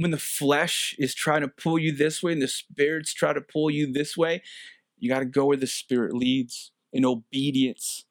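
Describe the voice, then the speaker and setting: A man's voice: mid-range voice, dry recording, clean studio sound. A man preaching a sermon in an earnest way, repeating key phrases and adding casual fillers. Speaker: pastor.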